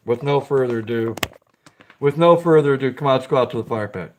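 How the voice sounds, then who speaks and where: A man's voice: medium pitch, fairly quick, a little mellow, slight background noise. A man hosting a casual live stream, chatting with viewers, greeting them by name and giggling often.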